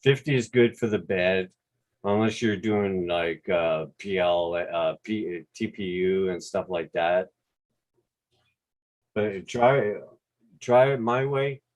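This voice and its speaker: A man with a Quebec accent, hosting a relaxed, rambling livestream chat over a video call with some mild swearing. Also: deep voice, slow. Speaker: drone channel host.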